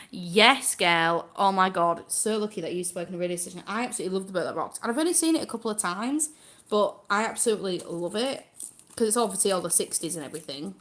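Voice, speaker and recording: A woman's voice: on the low side, fairly bright tone. A chatty young woman, giggling as she reads viewer comments aloud during a casual live stream from home.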